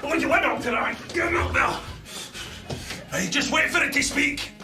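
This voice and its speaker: An actor playing a frustrated Scottish man trapped in a voice-controlled elevator, exasperated and shouting in bursts. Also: very high-pitched, normal speed, a crowd in the background. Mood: furious. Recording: roomy sketch with music and audience laughter.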